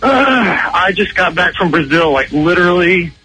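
Joking bright-voiced man calling in. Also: high-pitched, expressive, rough recording. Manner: playful, self-mocking, quick asides. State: morning voice after an overnight flight. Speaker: musician calling in to a radio show. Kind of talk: joking phone-in chat.

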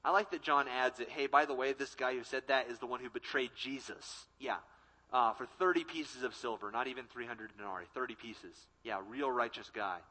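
A young adult man, a college ministry pastor, delivering a sermon with emphatic repetition and quick acted-out quotes. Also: medium pitch, pushed and bright, poor audio.

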